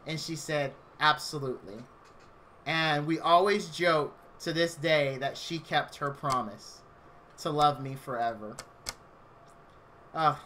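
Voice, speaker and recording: Bright-voiced male streamer telling a story. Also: on the high side, steady tone, slow pace, slight background noise. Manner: rambling and chatty, heavy on "like". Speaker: game streamer. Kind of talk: casual storytelling on a live stream.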